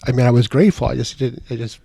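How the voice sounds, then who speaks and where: Gravelly-voiced man telling a story. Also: mid-range voice, mellow, no room sound. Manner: halting, repeats words while telling a story. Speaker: podcast guest. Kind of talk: casual storytelling.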